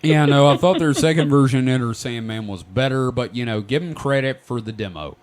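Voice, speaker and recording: A man's voice: mid-range voice, brisk. A man hosting a casual podcast, telling a story with lots of jokes and swearing. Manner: lively storyteller, swears freely, laughs often. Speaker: podcast host presenting the research. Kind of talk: casual comedic podcast banter.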